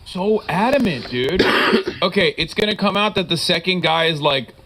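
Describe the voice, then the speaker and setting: A man's voice: high-pitched, animated, normal speed, background noise. A man casually reacting alongside the host, with short, indignant outbursts and swearing. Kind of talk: casual profane reaction chat.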